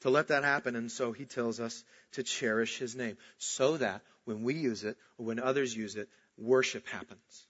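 A man preaching a sermon, emphatic, swinging from loud outbursts to slow, hushed stresses. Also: mid-range voice, fairly even intonation, breathy edge. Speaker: pastor. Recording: dull lo-fi recording.

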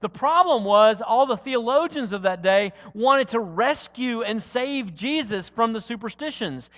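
A man's voice: extremely high pitch, expressive, unhurried, a bit bright, in a large hall, lo-fi sound. A man preaching a sermon in a church, earnest and storytelling, building points through repetition.

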